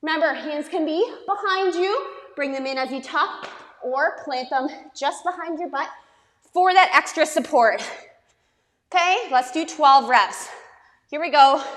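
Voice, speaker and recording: A woman's voice: sits high, a bit bright, big-room sound. A young woman fitness coach leading a workout, upbeat and encouraging as she counts reps aloud. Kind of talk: workout instruction.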